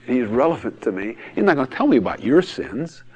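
A man's voice: medium pitch, very animated, fairly quick, husky. A man preaching in a blunt, emphatic way, often laughing and acting out quotes in other voices. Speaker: pastor. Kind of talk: sermon-style teaching talk.

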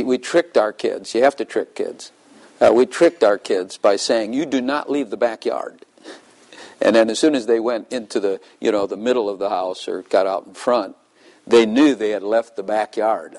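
A man's voice: mid-range voice, a little mellow, low-quality recording. Older man, pastor, conversational sermon, chuckles often, asks the crowd questions.

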